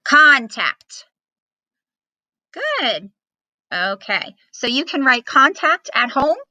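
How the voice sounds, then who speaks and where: A woman teacher walks young children through a phonics lesson at home, sounding out each letter with slow, patient care. Her voice is very bright and clear. The recording is dry and close, with no room sound. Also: sits high, big pitch swings, no echo.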